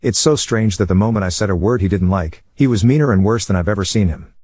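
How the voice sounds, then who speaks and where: A man reads an online confession aloud in scripted narration with a brisk, even delivery. His voice sits on the low side and races along. The sound is close and dry. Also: slightly rough, no echo. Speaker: story narrator.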